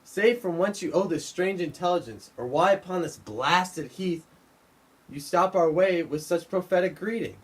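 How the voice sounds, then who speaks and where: A man's voice: sits high, moderate pace, breathy edge, pitched above the performer's own voice, rough recording. A man voicing a demanding medieval nobleman, reciting insistently as he orders others to explain themselves. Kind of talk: dramatic reading of a play.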